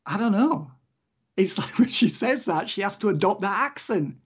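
A man's voice: sits high, lively intonation, moderate pace, husky. A man co-hosting a podcast, talking in an exasperated, rambling, emphatic way. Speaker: podcast co-host. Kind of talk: casual chat. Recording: muffled lo-fi audio.

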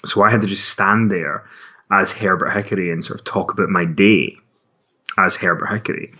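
A man's voice: deep voice, fairly even intonation, moderate pace, sharp tone, slightly rough. A man co-hosting a wrestling podcast in casual chat, rambling and self-mocking with frequent laughs. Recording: dull lo-fi sound.

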